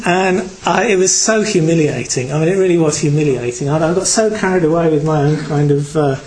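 A man's voice: on the high side, a little fast, a little mellow, a little hiss or hum, rough recording. A man from Britain giving a Buddhist talk to a group, reflective and hesitant, with many fillers. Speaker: Buddhist teacher.

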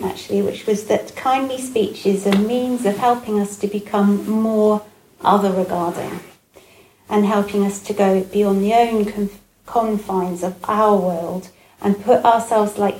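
A woman giving a Buddhist dharma talk, gentle and reflective, with frequent pauses and fillers. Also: medium pitch, slight background noise. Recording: echoey room with faint ambience.

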